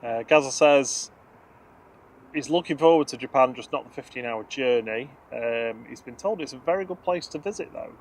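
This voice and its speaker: A man's voice: medium pitch, moderate pace, a little hiss or hum. A man hosting a live stream, chatting and reading out flight numbers and viewer comments. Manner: reads out flight numbers and registrations matter-of-factly; chats and reads viewer comments aloud. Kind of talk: casual live plane-spotting commentary.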